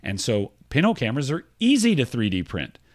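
Animated man explaining things. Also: mid-range voice, fairly quick, no echo, studio quality. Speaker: podcast co-host. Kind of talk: casual chat.

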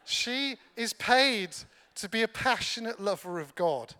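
High, bright-voiced preacher. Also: male voice, animated, unhurried. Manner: humorous, self-deprecating storytelling. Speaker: pastor. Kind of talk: sermon. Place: large church hall. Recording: long hall reverb from a church.

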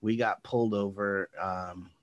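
A man's voice: lowish voice, steady tone, measured pace, no room sound, highs cut off. A middle-aged man in casual chat, telling rowdy stories full of swearing and laughter, acting out the people in them.

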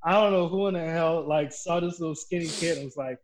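A man, a pro wrestler guest telling backstage stories in a casual interview, animated, laughing and swearing as he goes. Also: a little high, brisk, few pauses, a little hiss or hum.

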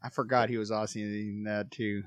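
A man's voice: lowish voice, flat delivery, fairly quick, no room sound, clean studio sound. A man joining a casual movie podcast, throwing in joking, teasing remarks and laughing a lot. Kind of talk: casual movie review chat.

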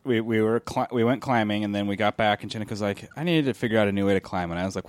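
A man's voice: fairly low pitch, fast, hardly any pauses, dry recording. A man co-hosting a podcast, telling a funny story in casual chat and laughing at his own jokes. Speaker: podcast co-host.

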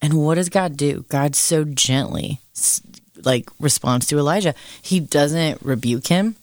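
A mid-pitched podcast co-host explains ideas thoughtfully and at length, dropping in quick asides. The voice is close on the mic in a dry room. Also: dry recording. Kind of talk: casual faith discussion.

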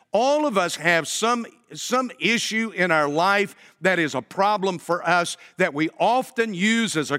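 Emphatic preacher in a reverberant church. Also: male voice, sits high. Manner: emphatic preaching, swinging from loud to hushed. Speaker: pastor. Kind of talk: sermon. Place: church sanctuary. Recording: long hall reverb.

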